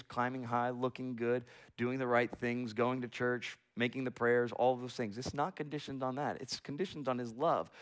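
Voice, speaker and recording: A man in his thirties preaching a sermon as a pastor, earnest, swinging from slow emphatic stresses to hushed, soft passages. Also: medium pitch.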